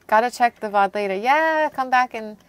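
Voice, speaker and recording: A woman's voice: on the high side, dry recording. An American woman streaming a cooking video game, chatting casually in a playful, giggly way. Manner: playful, giggly, quick asides.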